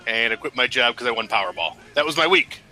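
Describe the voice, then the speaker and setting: Deadpan joking guy on a radio show, super bright sharp voice, little music underneath. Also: mid-range voice, fast talker. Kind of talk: casual chat.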